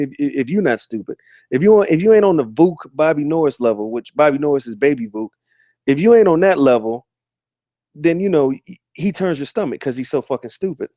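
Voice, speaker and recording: A man's voice: a little high, dark tone, no echo, clean studio sound. A man hosting a live stream, ranting in a profane, combative, mocking way and often restarting and repeating words.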